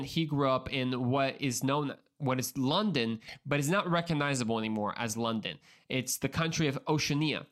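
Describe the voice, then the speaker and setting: A man hosts a solo podcast in a voice of middling pitch. He speaks earnestly and conversationally, addressing the listener directly and often stumbling over and repeating words as he explains. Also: fairly bright tone. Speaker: podcast host.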